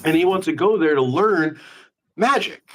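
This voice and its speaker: A male magician hosting a live chat, retelling stories with animated energy and quick asides. His voice sits somewhat high for a man. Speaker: magician, host. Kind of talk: casual live-stream interview.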